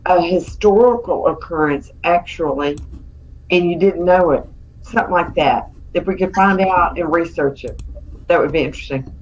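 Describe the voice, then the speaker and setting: A woman chatting casually as a co-host, telling stories in an animated way. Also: lowish voice. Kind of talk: casual chat. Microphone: video call. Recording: dull lo-fi stream audio with faint noise.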